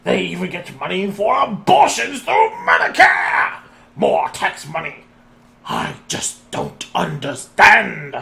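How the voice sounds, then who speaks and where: A man voicing a cranky old man who rants slowly and indignantly about taxes. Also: sits high, wildly swooping pitch, creaky, sharp tone, exaggerated voice. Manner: slow, indignant ranting.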